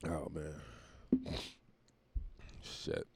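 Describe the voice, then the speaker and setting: A man's voice: a bass voice, big pitch swings, extremely slow, vocal fry, noisy background. A young man hosting a podcast from home, telling stories in a loose, profane, laughing way. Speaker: podcast host. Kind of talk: casual comedic storytelling monologue.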